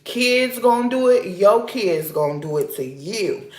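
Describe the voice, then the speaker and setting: A woman's voice: medium pitch, expressive, unhurried. A woman vlog host giving blunt, repetitive life advice in a casual talk to camera at home. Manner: emphatic, repetitive, preachy. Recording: roomy echoey room.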